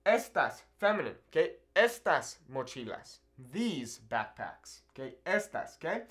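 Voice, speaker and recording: Man, online language teacher, animated delivery with a lively, swinging pitch; keeps checking in with the viewer. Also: unhurried. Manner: upbeat, animated, keeps asking "okay?". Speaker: Spanish teacher. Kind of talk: video language lesson.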